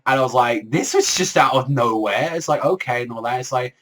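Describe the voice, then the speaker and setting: A man's voice: medium pitch, expressive, fairly quick, fairly bright tone. A young man casually reviewing a manga chapter, rambling with heavy swearing and constant filler words.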